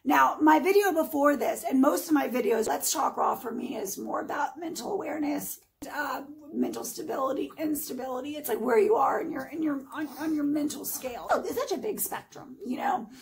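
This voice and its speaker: A woman's voice: sits high, lively intonation, fairly quick, creaky, a crowd in the background, low-quality recording. A woman in her forties ranting on her own vlog, emphatic and sarcastic, speaking straight to her critics. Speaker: vlogger. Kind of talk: heated casual vlog rant.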